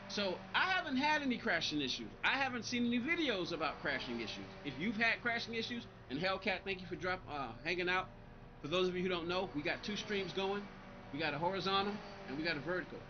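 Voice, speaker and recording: Irritated high-voiced man streaming to chat. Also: dull audio, noisy background. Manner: irritated, rambling, repeats himself, talks back to chat. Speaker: live-streaming sim racing gamer. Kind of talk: casual live-stream chat reading viewer comments.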